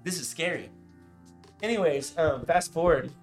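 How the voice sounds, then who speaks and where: Animated young man telling a story. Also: on the high side, normal speed, faint music behind. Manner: animated, laughs often, says "bro" and "I was like". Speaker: podcast co-host. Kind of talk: casual storytelling chat.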